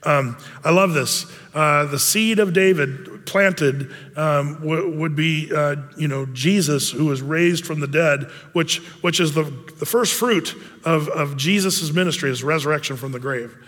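A middle-aged man leads a men's Bible study in a loose, joking, rambling way, full of ums and restarts. His voice sits a little high for a man, and a long reverb trails behind it in the hall. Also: measured pace, hardly any pauses, a bit bright. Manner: folksy and rambling, many fillers and restarts, humorous asides. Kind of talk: conversational Bible teaching with personal stories.

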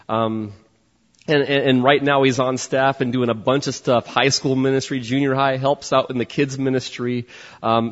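A man hosting at church, giving an upbeat stage introduction of the next speaker. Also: medium pitch. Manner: upbeat, hyping the guest. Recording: echoey hall, dull sound.

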